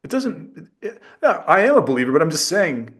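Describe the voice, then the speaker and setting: A man speaking as a guest on a podcast, thoughtful and halting, often repeating words while he works out his point. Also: a little high, big pitch swings, a bit bright. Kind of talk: casual conversation.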